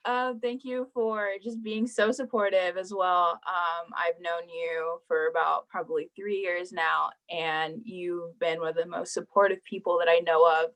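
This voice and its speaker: A young woman speaking through tears on a video call, halting and stumbling over fillers. Her voice sits fairly low for a woman. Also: fairly even intonation, fairly bright tone, poor audio. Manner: tearful, halting, many fillers. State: crying. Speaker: school board trustee. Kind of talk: farewell remarks at an online board meeting.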